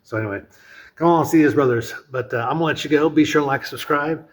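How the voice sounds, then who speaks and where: Husky-voiced man rambling casually. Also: a little high, fast talker. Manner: rambling, chatty, with many fillers. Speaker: vlogger touring a lodge. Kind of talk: casual walkthrough narration. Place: indoors in a lodge room.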